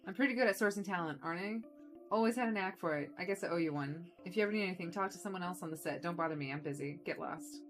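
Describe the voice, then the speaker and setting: A woman doing a brash, shouty little director. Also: on the low side, rapid-fire, over music, natural voice. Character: small energetic rude male film director.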